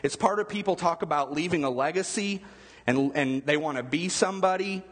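A man's voice: on the high side, fairly quick, in a large hall. A male pastor giving a conversational sermon, asking his listeners questions as he goes. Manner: conversational, asks the room questions.

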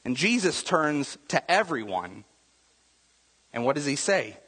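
A man's voice: a little high, big pitch swings, unhurried, pauses often, fairly bright tone, husky, big-room sound. A man preaching a sermon as pastor, in a conversational way, often checking in with the congregation by asking "right?". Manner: casual, rhetorical asides with frequent "right?".

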